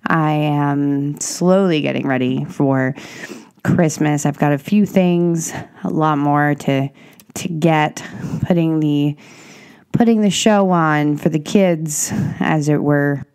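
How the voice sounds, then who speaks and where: A woman hosting a solo podcast, rambling and self-reflective, breathy and congested with a scratchy throat from a cold. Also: sits low, slow pace, a little mellow. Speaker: podcast host.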